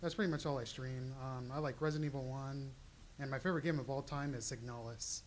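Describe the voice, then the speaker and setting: A man from the audience asking a question at a convention panel, soft-spoken and hesitant. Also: medium pitch, fairly even intonation, quick pace, low-quality recording.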